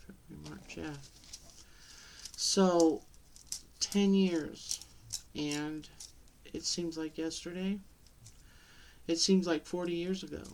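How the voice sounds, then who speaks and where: A middle-aged woman talking to the camera in a personal vlog, halting and tearful, with many pauses and restarts. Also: fairly low pitch, fairly even intonation, darkish tone, slight background noise. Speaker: vlogger.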